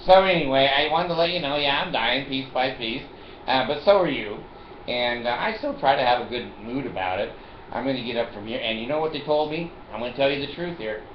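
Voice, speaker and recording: A man's voice: medium pitch, expressive, fairly quick, a little hiss or hum. Rambling older man joking in a roomy room. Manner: rambling, joking, laughs often. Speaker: vlogger. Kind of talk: casual monologue to camera. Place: at home in a chair. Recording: roomy, dull home recording.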